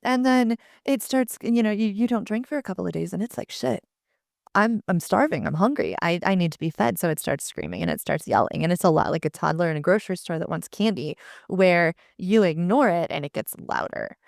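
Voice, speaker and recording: Podcast co-host, woman, low gravelly tone, blunt and animated, dry close sound. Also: brisk, no room sound. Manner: animated, blunt, swears freely. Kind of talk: casual podcast chat.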